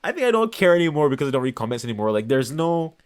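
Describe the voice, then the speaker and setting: A man's voice: a little high, sing-song, racing, clear, resonant tone. A man hosting his own channel, talking in a casual, unscripted monologue that rambles, searches for words and restarts often. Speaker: channel host.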